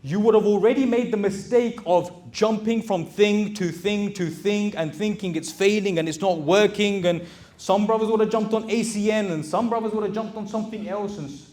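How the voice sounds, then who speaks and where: A man's voice: sits high, steady tone, moderate pace, darkish tone. A man giving a direct, exhorting motivational talk to a live audience, calling them brothers. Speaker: motivational speaker and recruitment business owner.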